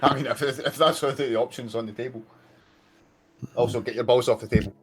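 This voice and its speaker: A man's voice: medium pitch, steady tone, fairly quick, a crowd in the background. A man playing a tabletop game, joking dryly with the group. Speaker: player. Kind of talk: casual chat between players.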